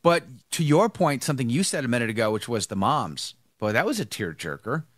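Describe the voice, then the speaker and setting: Hosting a livestream, this man says hello to viewers by name and chats with a priest guest in a medium-pitched, sing-song, brisk and slightly bright voice. It's a dry, studio-quality recording.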